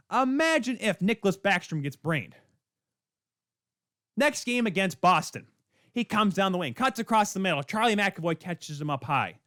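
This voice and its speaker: A man's voice: a little high, no echo, clean studio sound. Fired-up ranting podcast host, man. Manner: heated, sarcastic ranting with sudden loud spikes. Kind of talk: ranting hockey commentary.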